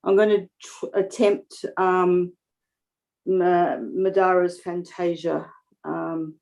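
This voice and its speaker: Low-voiced woman introducing herself casually. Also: level tone, takes it slowly, gravelly, a little mellow, poor audio. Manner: self-deprecating and chatty. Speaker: harpist performer. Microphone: video call.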